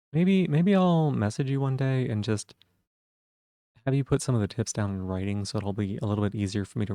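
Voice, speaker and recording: A man with vocal fry, musing thoughtfully in casual live-stream chat. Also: fairly low pitch, dark tone, no echo. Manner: thoughtful, musing, self-reflective.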